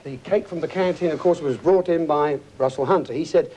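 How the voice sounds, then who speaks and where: A man's voice: a little high, fairly quick, hardly any pauses, darkish tone, rough recording. A man hosting a TV game show, chatty, jokey and encouraging with the contestants. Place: TV studio before an audience.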